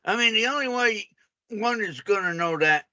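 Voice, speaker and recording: A man's voice: high-pitched, expressive, moderate pace, sharp tone, highs cut off. A man on a voice call, arguing combatively and cutting in with repeated insults. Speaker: caller on a group call. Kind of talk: heated argument on a voice call.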